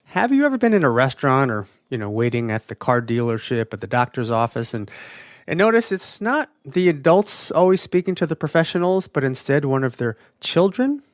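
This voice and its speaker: A man's voice: medium pitch, sing-song, brisk, no echo, clean studio sound. Man interviewing on public radio.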